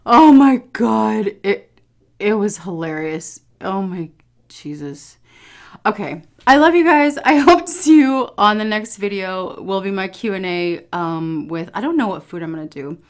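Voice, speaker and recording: A woman's voice: medium pitch, a little slow. Chatty, tired woman vlogger. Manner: candid and chatty, swears freely, keeps saying "you guys". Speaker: food vlogger. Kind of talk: casual chat to viewers.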